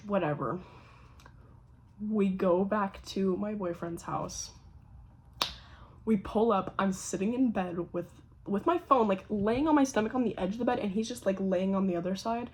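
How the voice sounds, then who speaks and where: A woman's voice: medium pitch, breathy edge. Young woman swearing through a storytime. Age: young adult. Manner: swears constantly, lively animated storytelling. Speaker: vlogger. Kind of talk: casual storytime.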